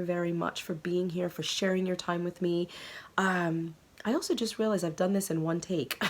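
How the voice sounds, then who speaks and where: A woman hosting a knitting podcast, talking casually to the camera with earnest warmth, many ums and soft laughs, and growing emotional. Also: mid-range voice.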